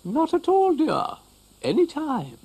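Man doing a high-pitched, gentle cartoon snail, soothing and sing-song. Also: wildly swooping pitch, takes it slowly, full character voice. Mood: kindly soothing. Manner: gentle and soothing, calls others dear.

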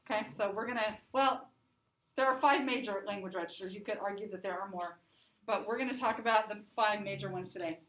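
Speaking briskly in a medium-pitched, slightly bright voice, a woman teaches a lecture in a conversational style. Frequent "right?" and "okay?" check-ins punctuate her talk, which is picked up from a distance in an echoey room.

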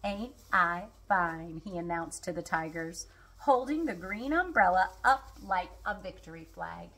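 A woman reading a children's storybook aloud in an expressive, unhurried way. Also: fairly low pitch, breathy edge.

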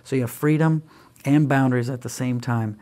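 A man's voice: mid-range voice, a little fast. A middle-aged man speaking as a podcast guest, telling parenting stories and acting out what he says to his kids. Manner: animated, acts out quoted dialogue with his kids. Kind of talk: conversational storytelling.

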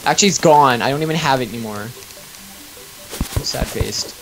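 A man's voice: medium pitch, moderate pace, background noise. A man chatting casually while playing a video game with friends, joking and bossing his teammates around. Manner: playful, bossy, joking. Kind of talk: casual let's play chat.

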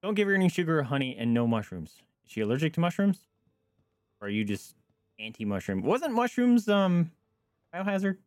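A man streaming a game, joking and reacting with animated asides as he plays. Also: medium pitch, fast talker, dry recording, clean studio sound. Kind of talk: live gameplay commentary.

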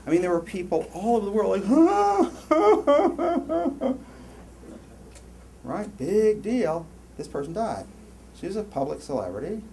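A man giving a university lecture, rambling and animated, with many restarts and asides to the class. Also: sits high, a little fast, slight background noise. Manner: animated, rambling, lots of self-interruptions. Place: lecture hall.

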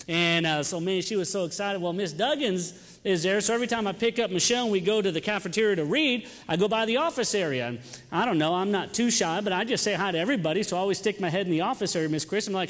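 A man's voice: high-pitched, expressive, quick pace, a bit bright. A young man, a youth pastor making joking announcements and telling stories to his congregation. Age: young adult. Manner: chatty, joking, talks to the congregation by name. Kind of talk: sermon announcements and storytelling. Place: church sanctuary. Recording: long hall reverb.

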